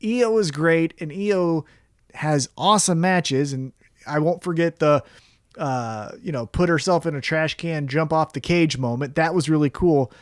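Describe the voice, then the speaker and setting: A man's voice: a little high, a little slow, dry recording, clean studio sound. A man co-hosting a casual wrestling review podcast, swearing freely and acting out quotes in a raised voice. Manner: profane, animated, acts out quotes in raised voice. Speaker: podcast co-host.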